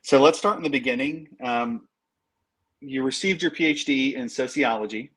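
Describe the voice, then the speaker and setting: A man's voice: mid-range voice, moderate pace, a bit bright, breathy edge. A man hosting a podcast interview, asking questions and giving short friendly replies. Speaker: podcast host.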